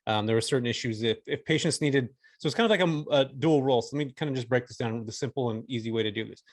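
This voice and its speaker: A man's voice: medium pitch, fast, no room sound. A man in his forties from California, a podcast guest telling a story in a laid-back, slangy way. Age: 40s. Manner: laid-back, slangy, says dude and bro. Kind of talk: casual storytelling interview.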